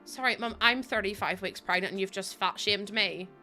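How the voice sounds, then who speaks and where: A woman's voice: mid-range voice, normal speed, bright, forceful tone, soft background music. A woman with a Northern Irish accent, chatting casually to her viewers while building in a game, laughing often. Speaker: streamer.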